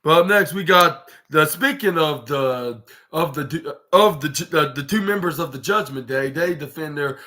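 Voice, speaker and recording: Recapping a wrestling show on his podcast, a man with a bright, slightly high voice wanders through the story. He restarts sentences, stuffs each pause with "like," and drifts into acting out the wrestlers' lines.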